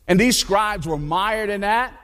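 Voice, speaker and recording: A man preaching a sermon, animated and folksy, who often restarts his phrases. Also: high voice, a little slow. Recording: long hall reverb.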